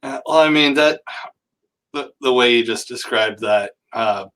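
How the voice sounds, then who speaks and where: Guy hosting an interview, bright crisp voice, chatty, laughs a lot. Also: mid-range voice, a little slow. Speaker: interview host. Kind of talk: casual interview chat.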